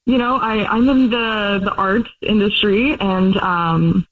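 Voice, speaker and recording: A woman's voice: mid-range voice, slow pace. A woman calling in to a radio show, talking casually and hesitantly with many ums and laughs. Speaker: caller. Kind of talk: casual phone chat. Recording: phone line.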